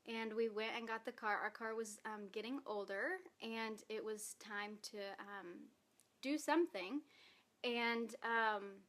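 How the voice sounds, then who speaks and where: Slowly, in a slightly high and somewhat bright voice, a woman reads from her own post in a vlog. She's a direct sales distributor offering a heartfelt personal testimony, fighting back tears as she goes.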